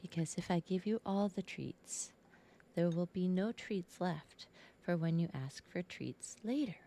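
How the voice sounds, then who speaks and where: A woman's voice: lowish voice, measured pace, dark tone. A woman painting on a live stream, chatting casually as she greets her viewers and talks to her cat.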